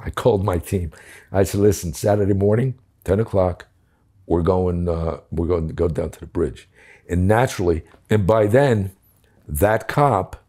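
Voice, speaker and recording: A man's voice: sits low, dark tone. A man, telling a story bluntly in an interview and acting out the dialogue with profanity. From United States. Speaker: guest, former police commissioner. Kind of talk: storytelling in a long-form interview.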